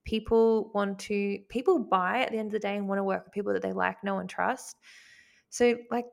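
A woman in a casual podcast chat, with a strongly gravelly, fry-heavy voice. She speaks thoughtfully, hedging and restarting phrases as she works through an idea. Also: medium pitch, steady tone, brisk.

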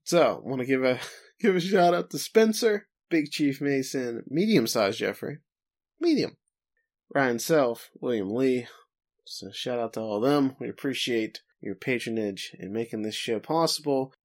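A man co-hosting a casual podcast, talking in a playful, teasing way with quick asides. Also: medium pitch, lively intonation. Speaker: podcast co-host.

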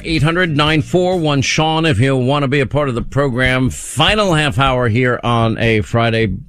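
A man hosting a talk radio show, delivering brisk, emphatic, rhetorical commentary from a studio microphone. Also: medium pitch, fairly bright tone, clear, resonant tone, dry recording, soft background music.

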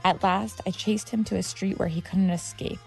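A woman's voice: medium pitch, steady tone, normal speed, vocal fry, darkish tone, faint music behind. A woman telling her own story as scripted narration, tense and vivid. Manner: tense, vivid storytelling with heated quoted outbursts.

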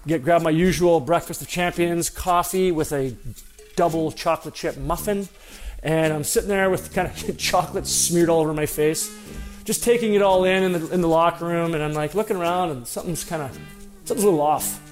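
A former hockey player telling a story in a casual, rambling way, with a self-deprecating tone and frequent fillers and restarts. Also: male voice, on the high side, a little fast, faint music behind.

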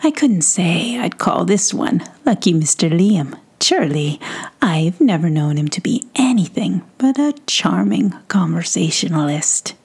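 A woman voicing a kindly old grandmother who speaks in a soft, hushed, reassuring way in a storybook reading. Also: on the low side, big pitch swings, measured pace, creaky, husky, heavily acted. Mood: soothing.

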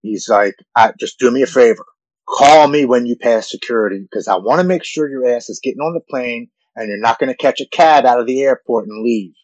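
A man in his forties telling a deeply personal story in an earnest, halting way, often repeating words when moved. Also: a little mellow, no room sound, poor audio. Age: 40s.

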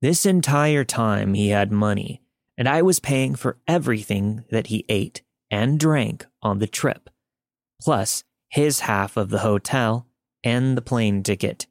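A man narrating a listener's true story in a steady, scripted podcast reading. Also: fairly low pitch, measured pace, no room sound, studio quality.

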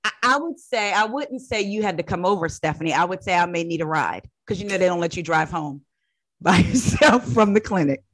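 A woman in her forties co-hosting a podcast, relaxed and joking, laughing often as she tells stories. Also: on the low side, fairly quick. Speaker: podcast co-host. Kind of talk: casual chat.

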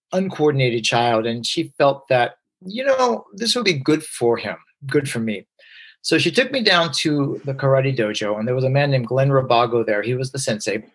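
A man telling a personal story as a guest, lively, acting out the voices of people he quotes, with many fillers. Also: medium pitch.

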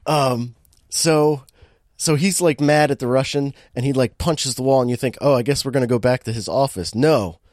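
A man's voice: mid-range voice, normal speed, no echo, studio quality. A man co-hosting a podcast, recapping a bad movie in casual chat, laughing often as he tells it. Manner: animated storytelling, laughing often, many restarts. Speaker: podcast co-host.

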